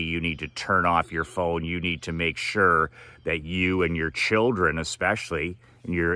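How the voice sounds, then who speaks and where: A man's voice: deep voice, bright, forceful tone, no room sound. A man giving a direct-to-camera motivational monologue, emphatic and repetitive with a preachy tone. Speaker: motivational speaker.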